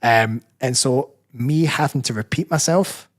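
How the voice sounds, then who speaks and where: A man's voice: mid-range voice, measured pace. A Scottish man, a personal trainer and bodybuilder, talking candidly as a guest in a casual interview, often restarting his sentences. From Scotland. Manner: candid, rambling, self-correcting.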